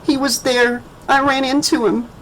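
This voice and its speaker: A frightened little girl with a high, thin voice, speaking softly and shakily in an audiobook, as a male narrator puts her on. She sounds small and tearful. A faint hum of ambience sits behind her. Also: little pitch movement, moderate pace, low-quality recording. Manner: small, soft and shaky. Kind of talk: audiobook character voice.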